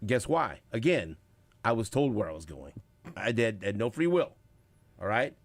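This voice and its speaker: A man hosting a sports radio show, talking casually with big swings between loud bursts and quiet asides, acting out what others said. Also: fairly low pitch, normal speed, no echo. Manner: animated, swings loud and quiet, acts out quotes. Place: radio studio. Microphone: studio microphone.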